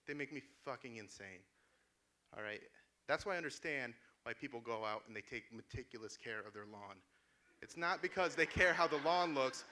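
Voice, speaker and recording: Sardonic stand-up comedian man, bright voice. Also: mid-range voice, slight background noise. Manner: sardonic, deadpan asides with sudden shouted outbursts. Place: comedy club stage. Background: small audience laughing.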